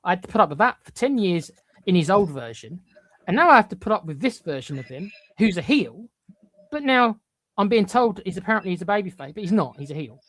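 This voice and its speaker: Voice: mid-range voice, big pitch swings, a little fast, fairly bright tone, no room sound. A podcast co-host giving blunt, emphatic opinions, often stumbling into repeated restarts.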